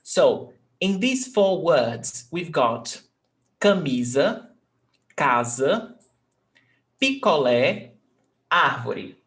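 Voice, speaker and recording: Male language tutor, slow and patient, slightly high voice, keeps checking understanding. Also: big pitch swings, fairly bright tone. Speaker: Portuguese teacher. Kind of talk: online language lesson.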